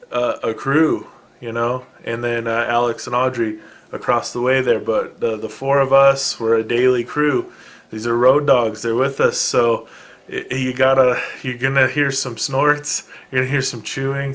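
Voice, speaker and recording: A man talks through his podcast alone at home, wandering from point to point with wry, self-deprecating asides. He stops and restarts often and fills the gaps with ums and uhs. His voice sits at an ordinary middle pitch. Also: fairly bright tone. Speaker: podcast host. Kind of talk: casual solo podcast rambling. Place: home room with dogs present.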